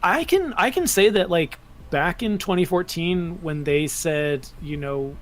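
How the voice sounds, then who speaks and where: A man co-hosting a podcast, telling his views in an animated, chatty way during a casual fan chat. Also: high voice, unhurried. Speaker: podcast co-host.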